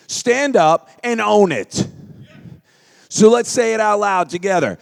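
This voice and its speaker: Gravelly, lively man leading a motivational seminar. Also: high-pitched, unhurried. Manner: energetic, leads crowd chants, swings between loud calls and quiet asides.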